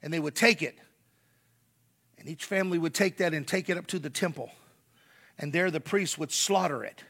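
A man's voice: a little high, moderate pace, pauses often, sharp tone. A man preaching a sermon, emphatic, repeating key words and speaking straight to the congregation. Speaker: pastor.

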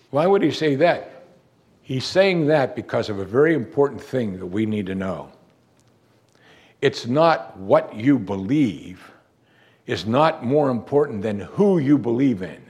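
A man's voice: mid-range voice, expressive, measured pace, darkish tone. A man preaching a sermon, telling a story and acting out the quoted lines with big swings in his voice.

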